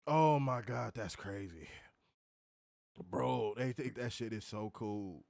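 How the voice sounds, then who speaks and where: A man co-hosting a casual review podcast, loud and profane, laughing often and swooping high when amused. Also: slow, creaky, no echo, studio quality. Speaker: podcast co-host.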